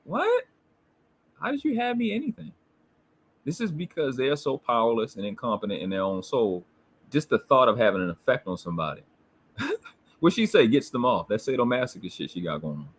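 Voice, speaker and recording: A man's voice: medium pitch, sing-song, a little fast, husky. A man hosting a commentary show, reacting to a replayed livestream clip in a combative, mocking and profane way. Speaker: commentary channel host.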